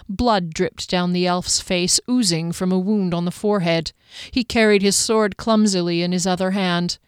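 Woman audiobook narrator, measured fantasy reading, smooth resonant voice, dry studio sound. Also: fairly low pitch, fairly even intonation, no room sound.

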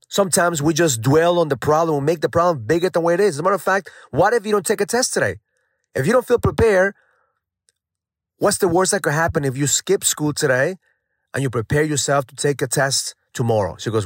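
A man's voice: medium pitch, quick pace, no room sound, studio quality. A middle-aged man, host of a daily motivational message, telling a personal story in an earnest, casual way and repeating phrases for emphasis. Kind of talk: casual spoken reflection.

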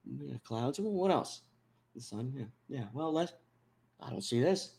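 A man, co-hosting a crude, rambling comedy podcast, swearing often and jumping from mumbles to shouts. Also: mid-range voice, expressive, a little slow, creaky, slightly rough. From New York. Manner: profane, rowdy, swings from mumbling to shouting. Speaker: podcast co-host.

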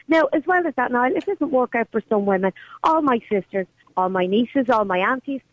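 A woman's voice: on the high side, animated, fairly quick, dry recording. An Irish woman calling in to a radio show, earnest and rambling, correcting herself as she goes. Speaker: caller. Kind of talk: talk radio phone-in. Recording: dull lo-fi phone audio.

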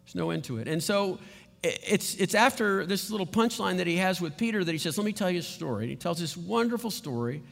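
This pastor's voice is high-pitched, gravelly, and fairly bright, and he speaks fast and animatedly. Preaching in a church sanctuary, he keeps it conversational, frequently checking in with "right?". The sound carries a long hall reverb.

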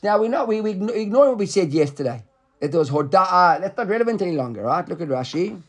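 Animated man teaching a Talmud class. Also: sits high, fast talker. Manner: lively explaining, acts out the rabbis' words, quizzes a student. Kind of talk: explaining a text in a study class.

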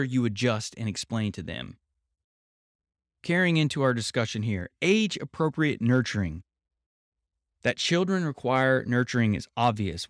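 Calm man explaining, dry close sound. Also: mid-range voice, dry recording. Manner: calm, reflective, measured. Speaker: podcast host. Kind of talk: explanatory podcast talk. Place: home.

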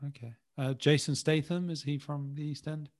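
A man's voice: a little high, steady tone, normal speed, darkish tone. A man in casual conversation, talking in a hesitant, easygoing way and laughing easily. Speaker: conversation partner.

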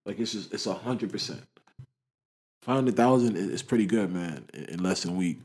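A young man from the area, telling stories in a slangy, animated way during a casual chat. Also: low voice, fairly quick. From Toronto area, Canada.

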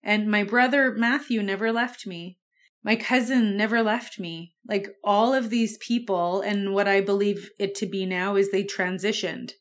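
A woman's voice: medium pitch, steady tone, a little slow. Candid young woman telling her story. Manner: candid and conversational, with frequent swearing and fillers. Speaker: podcast host. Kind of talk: personal storytelling monologue.

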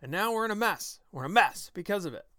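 A combative, sarcastic man hosting a political podcast. His voice sits fairly high and rings smooth and resonant, and he turns emphatic as he argues. It is recorded close and dry. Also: expressive, fast, bright, forceful tone, no room sound. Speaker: podcast host. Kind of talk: political commentary monologue.

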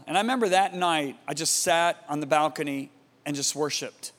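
A man preaching a sermon, telling a story dramatically and dropping to a hushed, awed tone. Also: on the high side, fairly quick, in a large hall. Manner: dramatic, swings from loud emphasis to hushed awe.

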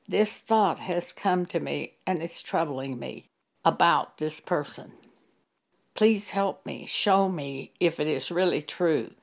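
A woman giving an earnest, measured sermon-style testimony and quoting scripture. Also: sits low, gravelly.

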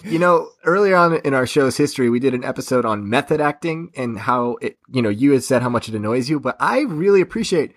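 Male podcast host, easygoing chat, mid-pitched voice. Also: animated, a little fast, hardly any pauses. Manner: easygoing, reads a news story aloud with asides.

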